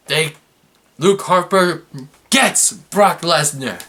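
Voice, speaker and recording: A young man recaps a wrestling episode in an unhurried, chatty way. His voice swings widely in pitch as he gets excited or sarcastic. He sounds like a fan ranting to his viewers. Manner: excitable, sarcastic, fluctuating energy. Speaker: wrestling review vlogger. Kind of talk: casual recap commentary.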